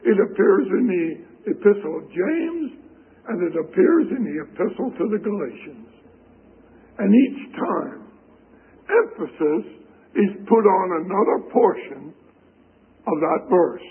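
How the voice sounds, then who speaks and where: Slow husky preacher on tinny radio. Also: male voice, high voice, very animated. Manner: slow, deliberate scripture reading. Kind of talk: sermon. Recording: tinny phone-like radio broadcast.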